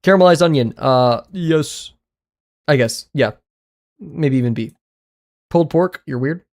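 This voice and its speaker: A man streaming live, chatting casually and giving blunt, offhand verdicts, often with a quick apology. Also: a little high, darkish tone.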